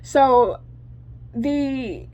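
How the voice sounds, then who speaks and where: A woman's voice: high voice, very slow, darkish tone, highs cut off. A woman telling a personal story to her viewers in casual chat, rambling and correcting herself, cursing freely.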